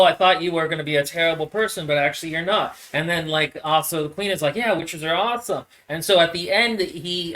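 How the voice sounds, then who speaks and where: A co-host with a middle-pitched voice talks through a book in casual book club chat. The delivery is thoughtful and hedging, full of "like" and "um". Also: a bit bright.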